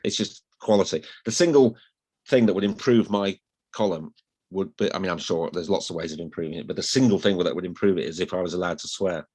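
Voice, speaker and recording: A middle-aged man from Hull with a slight northern accent and flat vowels, chatting as an interview guest in a rambling, self-deprecating way. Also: low-pitched, brisk, husky. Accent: slight northern English, flat vowels. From Hull, England. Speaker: guest, newspaper columnist. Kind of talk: casual interview chat.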